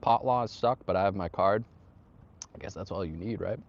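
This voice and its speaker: A man's voice: sits low, moderate pace, dull audio. A young man hosting a casual outdoor livestream, greeting viewers in laid-back slang. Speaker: livestream host. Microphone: phone on tripod.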